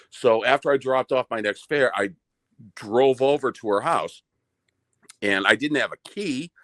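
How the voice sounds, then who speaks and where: A man's voice: mid-range voice, unhurried, no room sound. A man with a Boston accent telling a story on a podcast, swearing often, stammering and repeating words as he goes. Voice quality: profane, stammering, animated retelling.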